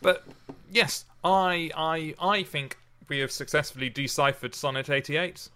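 Guy cohosting a podcast, bright crisp voice, jokey and rambly. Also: a little high, a little slow. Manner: chatty, jokey, musing aloud with fillers. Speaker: podcast co-host. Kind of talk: casual literary chat.

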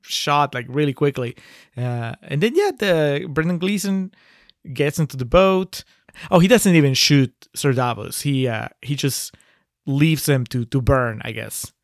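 A man's voice: medium pitch, animated, unhurried, dry recording, studio quality. A man hosting a casual movie-review podcast, talking in a hesitant way with frequent restarts. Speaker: podcast host.

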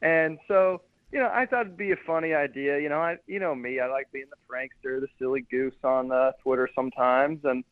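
A man's voice: medium pitch, fairly even intonation, brisk, hardly any pauses, no room sound. A man calling in as a guest reporter, chatting casually and stumbling over and repeating his words. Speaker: sports beat reporter, guest. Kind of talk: casual radio interview. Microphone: phone call. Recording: tinny dry phone line.

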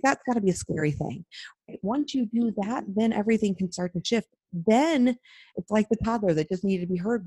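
A woman's voice: medium pitch, a little mellow, dry recording, studio quality. A woman coach talking casually and explaining, often checking in with "right?" and acting out the inner voices she describes.

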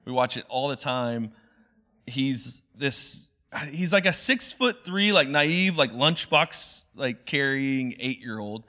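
A man's voice: mid-range voice, animated, slow, sharp tone. A man in his thirties preaching a casual, conversational sermon, chatty with many fillers and playful asides. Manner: chatty, many fillers, quoting movie lines in playful voices. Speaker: pastor.

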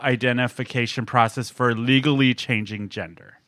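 A man hosting a podcast in casual chat, animated and laughing often as he wraps up the show. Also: medium pitch, fairly quick, no echo. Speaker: podcast host.

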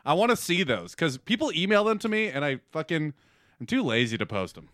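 Man, fairly high voice, lively pitch, laughs a lot, wry deadpan jokes, podcast co-host reading mail. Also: brisk, no room sound, studio quality. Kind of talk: crude comedic banter, reading listener email.

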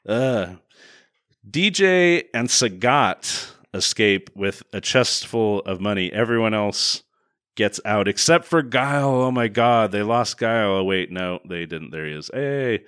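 A man's voice: fairly low pitch, lively intonation, a little slow, fairly bright tone, clear, resonant tone. A man co-hosting a casual movie review chat, sardonic and acting out the characters he quotes. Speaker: podcast co-host reviewing a film.

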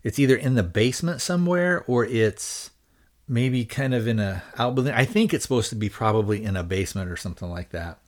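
A man's voice: mid-range voice, expressive, brisk. A man hosting a podcast and recapping a film's plot in a loose, rambling way, hedging and restarting as he searches for words. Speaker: podcast host reviewing a film. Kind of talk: casual spoken film recap.

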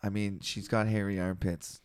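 A man's voice: fairly low pitch, level tone, normal speed, darkish tone, clean tone, dry recording, clean studio sound. A young man co-hosting a podcast, swearing and joking in casual chat while reading scripture aloud with wry asides. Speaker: podcast co-host.

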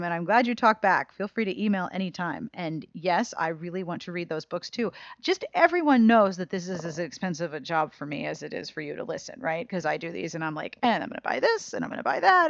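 A woman's voice: on the low side, a bit bright, dry recording, lo-fi sound. A woman hosting a podcast in a casual, gushing and enthusiastic way, reading out listener emails between her own chat. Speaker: podcast host.

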